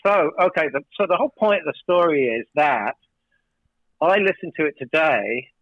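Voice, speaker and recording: A man's voice: a little high, moderate pace, dry recording, dull audio. A record producer telling studio stories in an interview, acting out the exchanges as he goes. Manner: animated storyteller, acts out studio exchanges. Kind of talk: storytelling interview.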